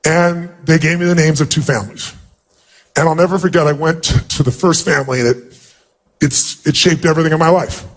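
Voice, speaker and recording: A man with a fairly high-pitched voice tells a personal story from a stage. He talks in a heartfelt and emphatic way, pressing hard on the moments that matter to him. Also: fairly even intonation, a little fast. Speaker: motivational speaker.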